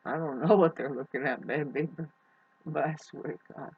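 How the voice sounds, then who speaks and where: A vlogger musing in a soft, quiet way, hesitant and full of restarts. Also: medium pitch, moderate pace, breathy edge, muffled recording. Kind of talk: rambling spiritual musing.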